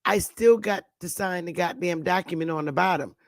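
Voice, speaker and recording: A woman's voice: on the low side, normal speed, no echo, clean studio sound. A woman hosting a casual morning talk show, rambling and blunt, with frequent swearing.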